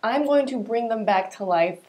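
A woman in her twenties, a vlogger, talking casually to camera in a bubbly, expressive way. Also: normal speed. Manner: bubbly and expressive, swinging pitch.

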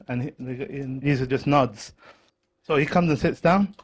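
A man's voice: medium pitch, steady tone, normal speed. A man telling a long joke to a group, rambling, losing track and correcting himself.

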